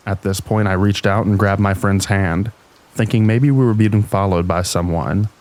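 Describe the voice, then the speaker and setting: Man, very deep voice, scary story narration, slow even read. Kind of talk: scripted narration of scary stories.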